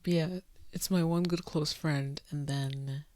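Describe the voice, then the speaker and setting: A woman's voice: sits low, fairly even intonation, measured pace, warm tone, no room sound. A woman in her twenties chatting candidly to camera at home, laid-back and drifting, laughing at herself and feeling the heat. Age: 20s. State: overheated. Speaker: vlogger. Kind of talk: candid casual chat to camera. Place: room at home.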